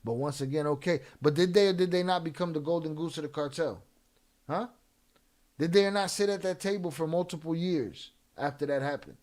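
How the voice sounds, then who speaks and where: A man hosting a casual livestream, reading chat shout-outs in slangy, profane talk and flaring into heated rants. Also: fairly high pitch, brisk. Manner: flares up into heated, cursing rants. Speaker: livestream host.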